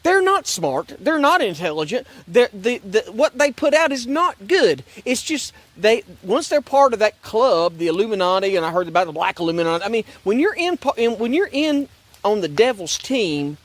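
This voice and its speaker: A man's voice: high voice, sing-song, normal speed, a bit bright, dry recording. A man ranting in a sarcastic, repetitive way about religion and politics, rambling and restarting his sentences. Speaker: online commentator.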